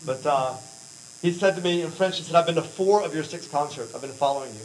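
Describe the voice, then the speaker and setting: A man's voice: a little high, fast, slight background noise, low-quality recording. Earnest American man at a church talk. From United States. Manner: earnest, rambling, with frequent fillers and restarts. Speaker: mission speaker.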